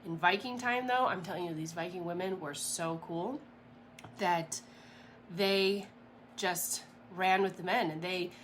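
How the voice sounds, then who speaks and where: A woman giving a casual motivational talk as a mindset coach, chatty and animated, rambling with fillers and quick laughs. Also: lowish voice, slight background noise.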